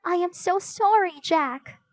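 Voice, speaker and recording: A woman voicing an excitable young girl who talks in a bright, eager way. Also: very high-pitched, slow, voice pushed up. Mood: excited.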